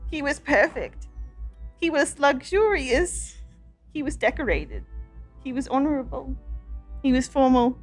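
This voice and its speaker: A woman voicing a grieving young male adventurer, a simple and hot-headed man who shouts through his tears. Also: sits high, sing-song, a little slow, pauses often, faint music behind. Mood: mournful.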